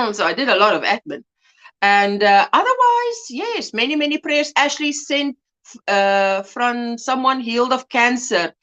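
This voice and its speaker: Woman, middle-aged, livestream host, casual home chat, greets viewers by name, laughs a lot, animated. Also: fairly high pitch. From South Africa.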